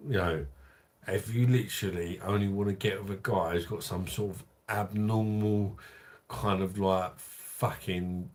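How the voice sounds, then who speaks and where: Drunk male livestream host: deep, slow, crude and rambling. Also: steady tone, darkish tone. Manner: crude, rambling, reads out chat comments.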